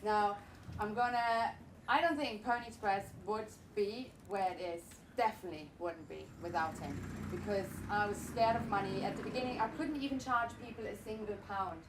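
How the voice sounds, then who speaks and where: A woman's voice: mid-range voice, moderate pace. A woman hosting a live event, introducing the next speaker in a chatty, loose way. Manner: chatty, loose, warm about her partner. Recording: roomy, distant, with faint room noise.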